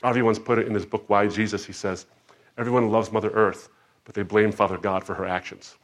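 A man preaching a sermon, moving from quiet reflection to loud, emphatic outbursts and acting out quoted voices. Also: on the low side, fairly even intonation, brisk. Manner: dramatic, swings between soft reflection and loud emphatic outbursts.

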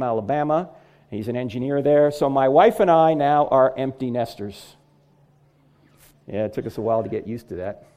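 A man's voice: fairly high pitch, darkish tone. A middle-aged man giving a humorous lecture on apologetics to a live audience, delivering jokes and punchlines. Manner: joking, punchline-driven delivery. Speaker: Christian apologetics speaker.

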